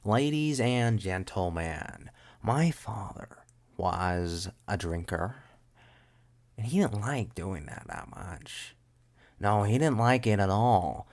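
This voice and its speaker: A man putting on the voice of a brooding, menacing male villain, drawing out his words slowly. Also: on the low side, lively intonation, a little mellow. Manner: slow, drawn-out delivery.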